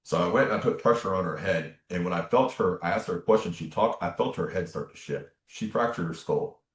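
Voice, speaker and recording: A man with a very low voice tells a personal story as an interview guest. He talks earnestly and casually, often tossing in "man" and "right?". The recording sounds roomy, with a noticeable echo. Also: fairly quick. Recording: echoey room.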